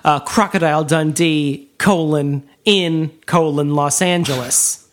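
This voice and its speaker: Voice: medium pitch, takes it slowly. Podcast cohost cracking dry little jokes, just chatting. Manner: dry, joking asides. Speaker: podcast co-host. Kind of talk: casual chat.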